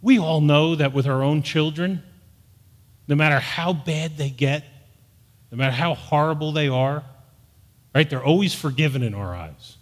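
A man's voice: on the high side, moderate pace, pauses often. A middle-aged man preaching a sermon with earnest, emphatic delivery. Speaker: pastor. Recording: long hall reverb.

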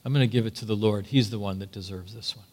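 A man doing a hushed, solemn old king. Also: fairly low pitch, steady tone, fast, big-room sound, pitched below the performer's own voice, lightly acted. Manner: hushed, reverent. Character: humbled ancient king, solemn and devout.

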